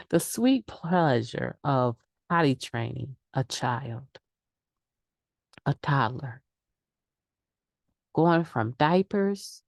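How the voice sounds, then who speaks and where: A middle-aged woman with a low voice shares frankly about recovery, speaking conversationally as she leads a daily meditation. The sound is dry and close, with no room echo. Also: a little mellow. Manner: candid, conversational, acts out quoted excuses. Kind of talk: daily meditation reading and sharing.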